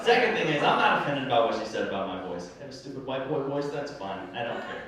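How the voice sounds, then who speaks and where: A man's voice: medium pitch, fast, far from the mic, a crowd in the background. Self-deprecating young male comic, echoey club. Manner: self-deprecating, deadpan asides. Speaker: stand-up comedian. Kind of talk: stand-up comedy set. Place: comedy club stage. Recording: noisy, very echoey club from afar.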